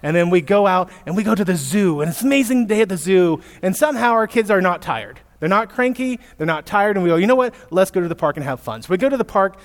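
A man in his thirties, a pastor giving a sermon, telling stories with lively asides to his listeners. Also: high voice, fast, hardly any pauses. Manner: storytelling with animated asides to listeners. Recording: echoey hall, long reverb.

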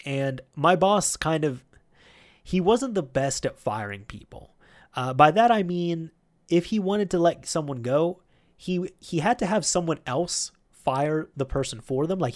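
A man hosting a podcast, telling a rambling story about an old job in a casual, chatty way and getting animated when he quotes other people. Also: a little high. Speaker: podcast host.

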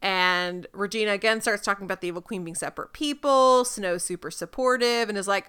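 A woman co-hosting a podcast, recapping a TV episode in casual chat with quick asides. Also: mid-range voice, bright, forceful tone, smooth. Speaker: podcast co-host.

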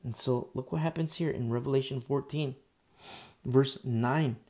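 A man preaching a sermon as pastor. He talks casually with fillers and restarts, then gets emphatic and slows down to stress key words. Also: medium pitch, darkish tone.

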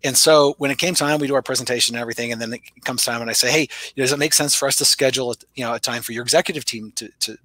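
A man's voice: medium pitch, very fast, few pauses, no room sound. A man coaching on sales in a casual conversation, telling stories and acting out quoted dialogue with playful voice shifts. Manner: animated storyteller, playful voice shifts for quoted lines. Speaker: sales trainer. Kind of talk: conversational teaching with acted-out dialogue.

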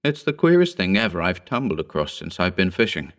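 A man's voice: deep voice, sing-song, brisk. Man doing a blunt, wary fisherman. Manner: blunt, gruff.

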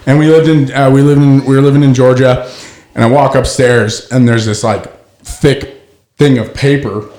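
A man in his thirties tells a story in a casual, animated and playful way. His voice has a middle pitch, and the recording sounds roomy. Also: moderate pace.

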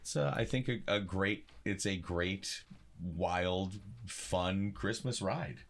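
A man's voice: low-pitched, slow pace, creaky. A man, a theater director, talking enthusiastically as an interview guest and repeating himself while he thinks. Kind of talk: casual interview.

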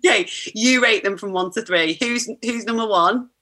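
A woman, chatting as a podcast guest, effusive and quick to laugh. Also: a little high, bright, forceful tone. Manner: effusive, laughs often, talks in quick restarts. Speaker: podcast guest, sports presenter. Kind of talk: casual chat.

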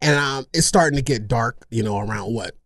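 A man co-hosting a podcast, telling a rambling, self-mocking story in casual chat, animated and funny. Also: mid-range voice, a little fast, no room sound, studio quality. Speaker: podcast co-host.

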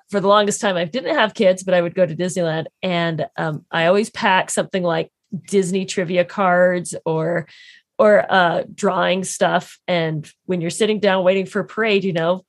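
A woman's voice: lowish voice, no echo. Chatty woman, dry close sound. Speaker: podcast guest. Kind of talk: casual chat.

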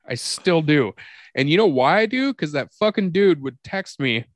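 A man's voice: a little high, animated, normal speed, no echo. A man co-hosting a podcast, telling a candid personal story in a profane, confessional way. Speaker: podcast co-host. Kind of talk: candid comedic podcast conversation.

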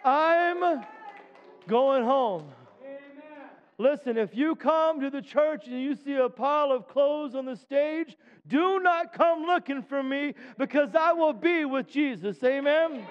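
High-voiced preacher, dull lo-fi. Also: male voice, animated, slow pace, big-room sound. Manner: calls for congregation responses, builds into loud chanted shouts. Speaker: pastor. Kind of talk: sermon. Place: church sanctuary.

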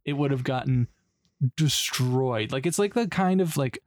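A man's voice: mid-range voice, expressive, a little slow, darkish tone, dry recording. Guy on a movie podcast, rambly, swears a lot, dry close sound. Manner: rambling, profane, trails off and restarts. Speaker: podcast co-host. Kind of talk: casual movie review chat.

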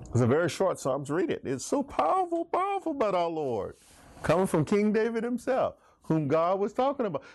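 A man's voice: fairly high pitch, a little mellow, dry recording. A middle-aged man teaching a Bible class in a folksy sermon style, asking the class questions. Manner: folksy, laughs often, asks the class questions.

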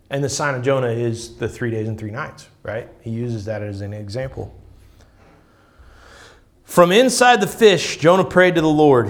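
A man's voice: medium pitch, animated, normal speed. A man preaching a conversational sermon, often checking in with "right?" in a casual, chatty way. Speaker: pastor.

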